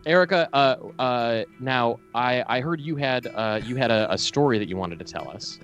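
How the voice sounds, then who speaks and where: A man's voice: mid-range voice, lively intonation, moderate pace, a bit bright, muffled recording, soft background music. Hesitant man hosting a mock quiz. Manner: hesitant, full of uh's and restarts. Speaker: co-host playing game-show host. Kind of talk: comedic call-in banter. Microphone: video call setup.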